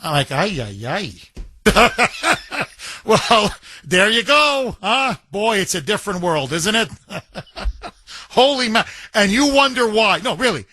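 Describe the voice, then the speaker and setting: A man's voice: high voice, very animated, a little slow, pushed and bright, dry recording. A man hosting a talk radio show, chatting animatedly with jokey asides and laughter. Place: radio studio. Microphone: studio microphone.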